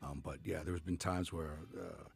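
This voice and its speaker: A man's voice: low voice, steady tone, moderate pace, vocal fry. A man in his fifties, a chef guest in a radio studio, chatting casually with many fillers and restarts. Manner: rambling, lots of fillers and restarts.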